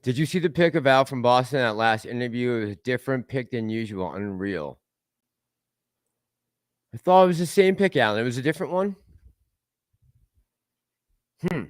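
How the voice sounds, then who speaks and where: A man's voice: medium pitch, lively intonation, moderate pace, pauses often, dry recording. Guy rambling thru his livestream chat, laughs a lot, dead dry mic. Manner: rambling, chatty, laughs often, answers chat aloud. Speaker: livestream host reading chat.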